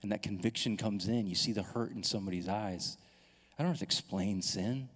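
A man's voice: fairly low pitch, a little fast. A male pastor in his thirties telling a personal story in a sermon, acting out the voices in the dialogue. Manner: animated storytelling, acts out dialogue. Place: church hall. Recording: long hall reverb.

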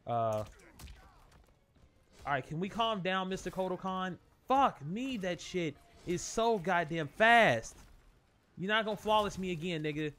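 A young man runs live commentary on his fighting-game bout, his high voice moving a bit slowly. Hosting his gaming channel, he swears constantly, gets heated fast, and speaks to both his rival and his viewers.

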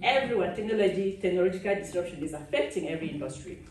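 A woman's voice: lowish voice, lively intonation, rapid-fire, a little mellow. Echoey woman speaker from Cameroon. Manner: chatty, laughs often, engages the audience. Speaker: keynote speaker. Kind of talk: conference keynote speech. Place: large conference hall. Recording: echoey hall from a distance.

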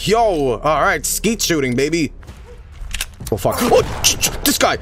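A man from Sweden streaming a horror game, commenting casually, swearing and yelling at what happens on screen. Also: on the high side, takes it slowly, noisy background. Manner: excitable, profane, yells and laughs at the game. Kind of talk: live gameplay commentary.

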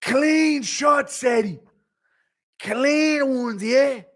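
A man doing a loud, bossy cageside dad. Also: very high-pitched, drawn-out words, voice pushed up, exaggerated voice. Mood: bossy yelling. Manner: bossy, yelling instructions. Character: loud cageside father coaching his sons.

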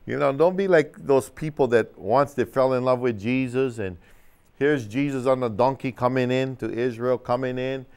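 A man preaching a TV sermon as a minister, telling a story with lots of energy and acting out the shouting crowd, and calling the listener "my friend" again and again. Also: medium pitch, moderate pace, smooth. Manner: keeps addressing the listener as my friend. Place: TV studio.

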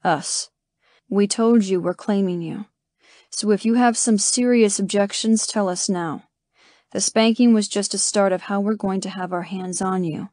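A woman's voice: mid-range voice, steady tone, unhurried, warm tone, dry recording, studio quality, natural voice. A woman doing a blunt, commanding cowboy. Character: rough, blunt cowboy man, commanding and possessive.

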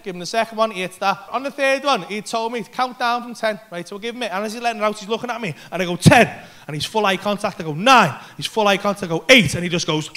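Stand-up comic, man with a very high, animated voice, heavy swearing. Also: rapid-fire, few pauses. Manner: animated, swears constantly, acts out voices and screams. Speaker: stand-up comedian. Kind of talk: stand-up storytelling. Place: comedy club stage.

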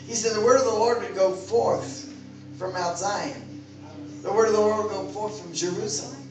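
A woman's voice: mid-range voice, normal speed. Woman preacher, fervent sermon, exhorting, very echoey room, distant mic, music playing behind. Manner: fervent, exhorting, rising to loud calls.

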